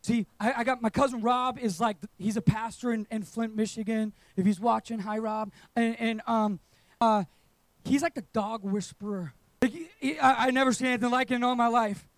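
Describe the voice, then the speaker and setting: A young male pastor delivers a lively sermon in a fairly high voice. He swings from quiet asides to sudden shouted bursts. The sound is close and dry, with no room echo. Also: moderate pace. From England. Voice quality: animated preaching, voice surging to shouts on emphasis. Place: church auditorium.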